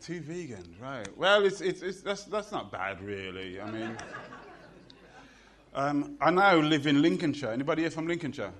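British poet guy on stage, high voice, rhythmic chant and cheeky chat with the crowd. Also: sing-song, moderate pace, fairly bright tone. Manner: rhythmic, chanting delivery with playful crowd banter. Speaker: performance poet. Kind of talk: live poetry performance and stage banter. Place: live venue with an audience.

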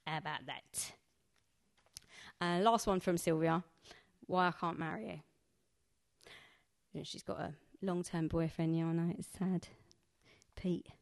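A woman's voice: fairly low pitch, steady tone, a little slow, creaky, long pauses. A woman poet chatting between poems at a live reading, with wry, self-deprecating asides.

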